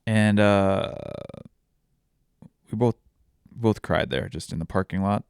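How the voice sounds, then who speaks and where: Tearful low gravelly man. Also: darkish tone, no room sound, studio quality. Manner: halting, with many restarts and pauses. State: tearful, voice breaking. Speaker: vlogger sharing a personal story; father. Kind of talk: candid personal storytelling.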